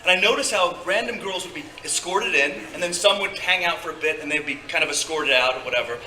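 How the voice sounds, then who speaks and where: A man's voice: on the high side, quick pace, bright, forceful tone, slight background noise. A man telling a rambling live story on stage, with many fillers and restarts. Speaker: storyteller guest. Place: convention stage before a live audience. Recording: echoey hall, distant mic.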